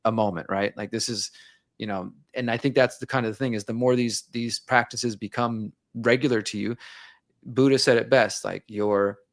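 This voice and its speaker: A man's voice: medium pitch, steady tone, moderate pace, no room sound, studio quality. A man speaking as an interview guest, talking candidly and reflectively, and sometimes acting out his own inner dialogue.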